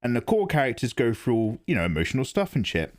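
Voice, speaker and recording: Animated man chatting on a livestream. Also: mid-range voice, fast. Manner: animated, rambling, laughs into his own impressions. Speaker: livestream art streamer. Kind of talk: casual livestream chat.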